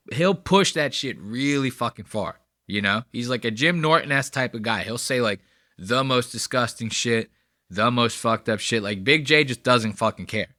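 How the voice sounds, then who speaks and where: A man's voice: medium pitch, pushed and bright, dry recording, clean studio sound. A man giving blunt, profane, chatty commentary on comedy clips. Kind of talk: casual commentary.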